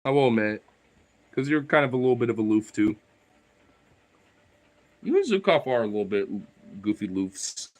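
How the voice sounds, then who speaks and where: Casual male vlogger, rambling and loose, average pitch, chats to his dogs. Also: big pitch swings, normal speed, pauses often. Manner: rambling, filler-heavy, talks to his dogs. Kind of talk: casual chat to camera.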